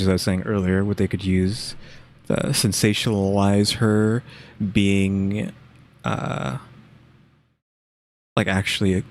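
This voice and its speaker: Brief: male reaction host, casual rambling commentary with halting fillers, lower voice.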